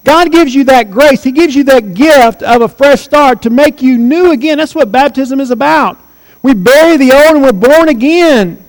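Male pastor in his 40s preaching, high voice, keeps repeating his points, bit of mains hum. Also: moderate pace, in a large hall, low-quality recording. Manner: earnest, emphatic, repeats key phrases. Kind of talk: sermon. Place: church sanctuary.

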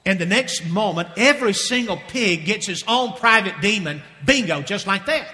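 A male pastor tells a Bible story to the congregation and keeps asking them questions. His voice is high and sharply bright. A long hall reverb trails after every line. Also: expressive, normal speed. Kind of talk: sermon. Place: church sanctuary with balcony.

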